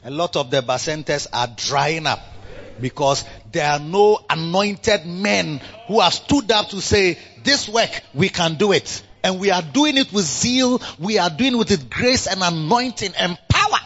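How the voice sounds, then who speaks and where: A Ghanaian man with a fairly high voice delivers a church sermon, swinging from loud, shouted exhortation to quiet, wry asides. He slips Twi phrases in among the English. The recording sounds muffled and lo-fi. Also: lively intonation, measured pace, a little hiss or hum. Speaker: pastor. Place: church service.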